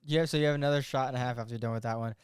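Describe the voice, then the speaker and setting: A young man with a mid-pitched voice banters wryly on a podcast. His teasing remarks come across dry and close to the mic. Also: steady tone, rapid-fire, clear, resonant tone, no room sound. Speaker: podcast co-host. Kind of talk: casual chat.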